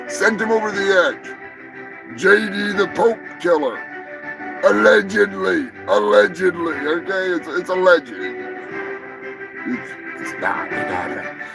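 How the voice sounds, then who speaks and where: A man's voice: sits high, poor audio. A man hosting a live show, rambling through profane, joking rants. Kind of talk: rambling live-stream monologue.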